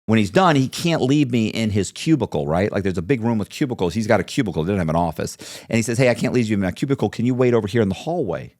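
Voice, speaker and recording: A man's voice: fairly low pitch, fast, few pauses, no room sound, clean studio sound. A man guest in an interview, telling a long story and acting out the voices of others in it. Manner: animated storyteller, acts out quoted voices. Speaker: podcast guest.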